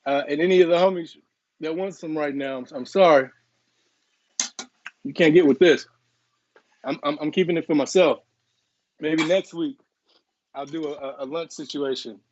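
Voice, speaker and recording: A man's voice: fairly high pitch, steady tone, moderate pace, pauses often, a little mellow, a little hiss or hum. A man hosting a live cooking stream, chatting casually, tasting on camera and playfully apologizing to viewers. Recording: dry, dull lo-fi live stream audio.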